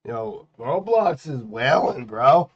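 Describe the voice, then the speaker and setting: A young man streaming games, chatting casually, coaxing his dog in baby talk and ranting loudly when annoyed. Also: medium pitch, animated, takes it slowly, slightly rough, muffled recording. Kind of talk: casual livestream chat.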